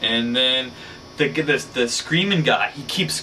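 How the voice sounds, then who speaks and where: Male host telling a casual rambling story; crisp bright tone, mic a bit distant. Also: mid-range voice, a little slow, slight background noise. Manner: rambling, filler-heavy storytelling. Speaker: show host. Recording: slightly distant mic, faint ambience.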